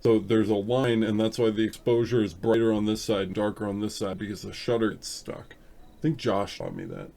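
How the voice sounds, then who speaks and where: A man hosts a casual live stream from a room at home with an open window, chatting and thinking aloud as he edits photos, a bit self-conscious. His voice is fairly low, dark, and creaky, with lively intonation and a slightly fast pace.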